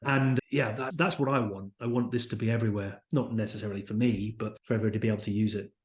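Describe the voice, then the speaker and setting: Guest spot: upbeat British founder, animated storyteller, roomy sound. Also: male voice, fairly low pitch, fast talker. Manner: enthusiastic, storytelling, acts out quotes. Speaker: company founder, podcast guest. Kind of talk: casual interview chat. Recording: roomy echo.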